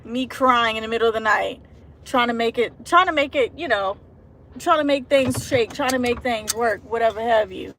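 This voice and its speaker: Thirties woman, earnest rambling vlog to a handheld phone, slightly high voice, loud traffic behind. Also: moderate pace. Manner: earnest, emotional and rambling, with many restarts. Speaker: vlogger. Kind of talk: casual heartfelt monologue vlog. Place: out and about, walking into a store.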